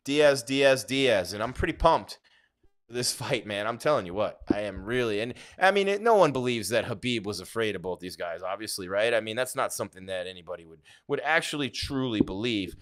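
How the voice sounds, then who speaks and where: A man hosting a live fight-night stream, chatting casually and shouting out viewers in the chat. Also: on the low side, expressive, brisk. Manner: hyped, rambling, shouting out viewers. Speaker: livestream host.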